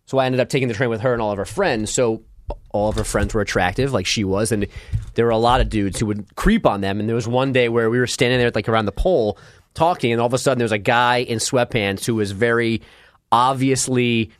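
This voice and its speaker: Male co-host from New York, mid pitch, dry teasing storyteller. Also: fairly even intonation, fast, dry recording. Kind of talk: casual podcast storytelling.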